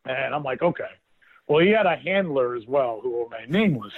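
A man's voice: mid-range voice, expressive, brisk, vocal fry, slightly rough, no echo. A man in his thirties telling a story casually on a radio show, laughing often and quoting people as he goes. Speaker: former football player, guest. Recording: tinny phone line.

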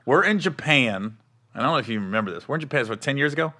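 A middle-aged man hosting a casual chat, an animated storyteller who laughs often. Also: medium pitch, quick pace.

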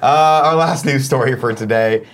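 A man's voice: mid-range voice, normal speed, a little hiss or hum. A man hosting a casual morning show, joking and reading news items with enthusiasm. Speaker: host.

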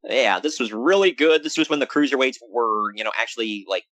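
Brisk in delivery, a man is heard on a rough, dry recording. While co-hosting a relaxed wrestling-recap podcast, he jokes around and uses big, animated changes in pitch to emphasize things.

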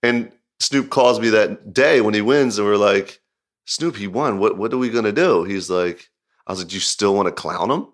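A man's voice: on the low side, moderate pace. A man who directs music videos, telling a story in an interview in a casual, rambling way, full of "like" and with bursts of laughter. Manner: rambling, filler-heavy storytelling with frequent "like"; animated, laughing retelling.

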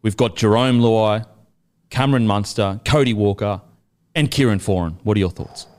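A man's voice: on the low side, moderate pace, darkish tone. A man hosting a comedy podcast and announcing awards in a mock-grand way. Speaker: podcast host presenting awards.

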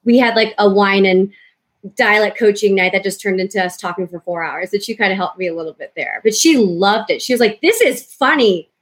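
A woman's voice: mid-range voice, brisk. A young woman actor chatting in a bubbly way on a video call, full of fillers. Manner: bubbly, gushing, filler-heavy. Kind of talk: casual chat.

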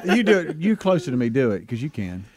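A man's voice: mid-range voice, sing-song, fast talker. A man co-hosting a radio show, sheepish and laughing as he talks in playful banter. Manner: sheepish, laughing through bad accent attempts. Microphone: studio microphone.

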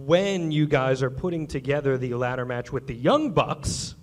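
A man's voice: medium pitch, expressive, normal speed. Man prompting a story on stage. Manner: prompting the guest to tell the story. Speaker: co-host. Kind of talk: hosting a live podcast stage show. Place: live stage show before an audience.

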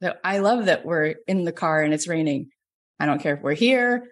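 A middle-aged woman from Florida, a business coach telling a personal story, animated and acting out quoted lines. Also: moderate pace. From Florida, USA. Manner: animated, acts out quotes with big pitch jumps. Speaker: business coach and podcast host. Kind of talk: storytelling lesson.

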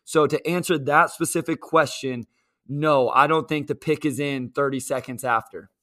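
Bright, excitable podcast guest. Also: male voice, on the high side, normal speed. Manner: excitable, casual, with fillers. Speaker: podcast guest, basketball writer. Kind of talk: casual sports podcast chat.

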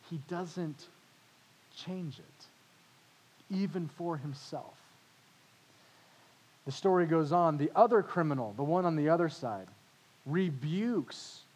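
A man's voice: a little high, darkish tone, slightly rough. A male pastor preaching a sermon in a church, retelling a story dramatically. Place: church with overflow room.

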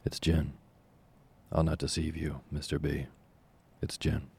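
A man's voice: rumbling low, level tone, unhurried, vocal fry, a little mellow, slightly rough, exaggerated voice. A man voicing a fawning, scheming woman who runs an orphans' home, gushing and falsely humble. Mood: coaxing. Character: fawning scheming older woman, a workhouse nurse.

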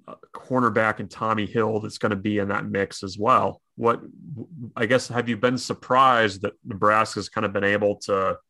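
Casting note: lowish, bright male co-host, dry close sound, loose chatty delivery. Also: no room sound. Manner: chatty, laughs easily, many restarts. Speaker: sports talk co-host. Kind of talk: casual sports chat.

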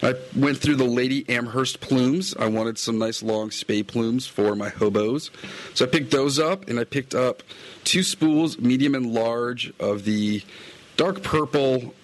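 A man's voice: medium pitch, measured pace. A middle-aged man, a fly-fishing podcaster and guide, recapping his day in a chatty, meandering way, recorded outdoors. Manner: chatty, meandering, self-correcting. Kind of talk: casual rambling recap.

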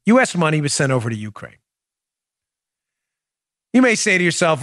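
A man's voice: sits high, wildly swooping pitch, normal speed, long pauses, bright, forceful tone. A man hosting a political talk show, delivering emphatic opinionated commentary full of rhetorical questions and direct appeals to his audience. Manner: emphatic, addresses audience as folks; rhetorical questions, restarts sentences.

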